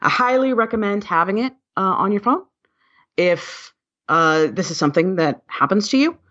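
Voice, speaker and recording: A woman's voice: mid-range voice, animated, normal speed, fairly bright tone. A woman who is a podcast guest, talking candidly and earnestly with many restarts. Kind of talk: casual interview chat. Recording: dull, muffled sound.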